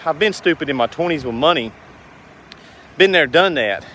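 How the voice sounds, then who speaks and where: A man in his thirties with a drawl, chatting to camera in a rambling, earnest way. His voice sits a bit on the high side for a man. A faint outdoor hum with passing vehicles runs underneath. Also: lively intonation, normal speed, pushed and bright. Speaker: business owner vlogger. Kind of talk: casual talk to camera.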